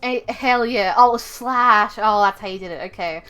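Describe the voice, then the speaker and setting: A woman's voice: mid-range voice, unhurried, a bit bright, clean tone, faint music behind. A woman from Australia, chatting casually on a live stream, rambling with lots of fillers and frequent swearing.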